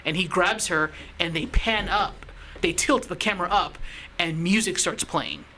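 A woman co-hosting a podcast in casual chat, retelling a story in an animated way. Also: lowish voice, unhurried, a little hiss or hum. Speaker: podcast co-host.

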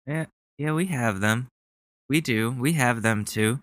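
A man's voice: medium pitch, unhurried, a bit bright, no echo. A young man hosting a podcast, chatting casually in a rambling, profane way. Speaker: podcast host. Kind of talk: casual chat.

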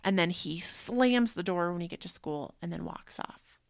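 Low gravelly woman telling a personal story. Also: animated, moderate pace, no echo. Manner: conversational, many "like"s, emotional and heartfelt. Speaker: podcast host.

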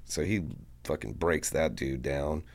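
Low gravelly-voiced man telling stories. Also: a little slow. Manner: profane, rambling anecdote-telling. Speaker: guest musician. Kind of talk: casual storytelling interview.

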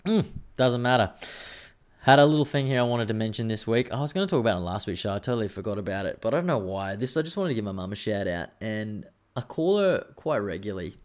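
A man's voice: on the low side, expressive, fast talker, darkish tone. A man, hosting a casual solo podcast, chatty and rambling, swearing freely. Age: 30s. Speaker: podcast host.

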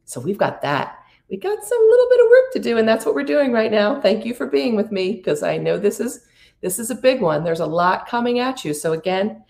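Her voice is gravelly and fairly low as this middle-aged woman coaches on spiritual prosperity through astrology. She sounds earnest and soothing, though she tosses in playful asides.

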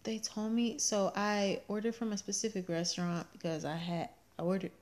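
A pregnant woman co-hosting a casual chat, telling animated stories and laughing often. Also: medium pitch, moderate pace. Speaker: podcast co-host.

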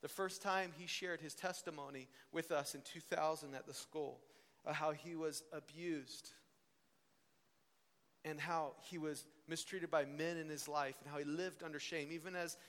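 Man preaching, high voice, animated storytelling, long echo of a big hall. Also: normal speed. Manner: animated storytelling, voice rising and falling with emotion. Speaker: teacher at a ministry school. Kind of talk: sermon.

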